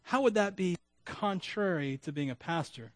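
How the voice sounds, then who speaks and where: A man preaching a sermon as pastor, animated, with humorous asides and self-deprecating jokes. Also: sits high, moderate pace, no echo. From Florida.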